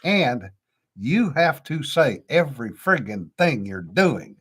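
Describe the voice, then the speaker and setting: A man's voice: medium pitch, sing-song, slow, fairly bright tone, breathy edge. A middle-aged man with a slight Cajun accent, co-hosting a casual chat in a laid-back, drawling way. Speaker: podcast co-host.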